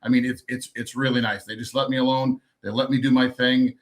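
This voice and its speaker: A man's voice: medium pitch, flat delivery, fairly quick. A man on a panel discussion, a dealership service director speaking loosely with frequent restarts.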